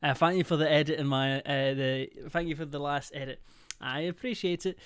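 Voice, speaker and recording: A man's voice: on the high side, steady tone, a little fast, fairly bright tone, clean tone, no echo. Chatty young man streamer, dry close mic. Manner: chatty, reads viewer names in bursts; swears casually, jokey. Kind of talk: casual live-stream chat.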